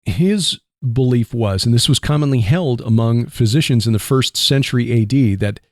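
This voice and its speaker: A man with a Midwestern accent hosting a casual Christian radio talk show, rambling and halting with fillers. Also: medium pitch, darkish tone, no echo, studio quality. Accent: Midwestern American. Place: barn studio.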